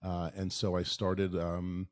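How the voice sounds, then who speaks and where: A soft-spoken man being interviewed as a guest, answering in a halting way with many pauses and fillers. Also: low-pitched, completely flat delivery, dry recording, clean studio sound. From Long Island, New York. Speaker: oral surgeon, interview guest.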